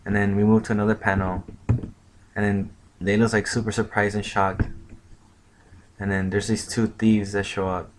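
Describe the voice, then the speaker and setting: Sex: male. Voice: lowish and flat. Role: manga reviewer. Style: casual, filler-heavy chapter recap. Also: moderate pace, long pauses, slight background noise, poor audio. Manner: rambling, filler-heavy retelling with many "like"s.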